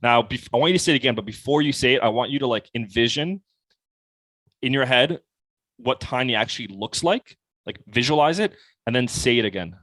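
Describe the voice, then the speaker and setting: A young man talks through sales tactics in a relaxed, animated conversational way, filling his sentences with "like." His voice sits at an ordinary pitch. The recording is dry and close, with no room sound. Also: brisk, no room sound. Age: young adult. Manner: casual, animated, heavy use of "like". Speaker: podcast guest, sales coach. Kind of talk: conversational podcast interview.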